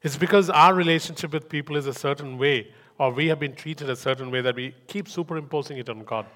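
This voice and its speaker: A man's voice: a little high, fast, a bit bright. A man preaching a sermon in an emphatic way, often repeating lines for weight. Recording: long hall reverb.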